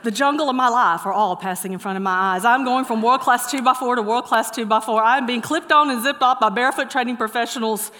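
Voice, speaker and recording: A middle-aged woman preaching a sermon, moving from lively storytelling to soft, earnest encouragement. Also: fairly high pitch, fast talker, hardly any pauses. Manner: animated storytelling, then soft earnest exhortation. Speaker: pastor. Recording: long hall reverb.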